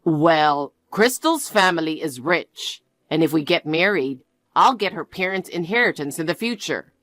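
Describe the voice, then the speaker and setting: A woman's voice: low voice, animated, normal speed, a bit bright, no echo, voice pushed down. A woman voicing a smug, cheating young fiancé in a one-voice story narration, talking in a dismissive, self-justifying way.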